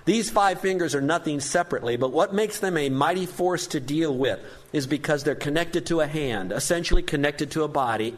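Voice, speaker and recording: Man, pastor, sermon, earnest, emphatic, slightly high voice. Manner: earnest preaching with emphatic rises.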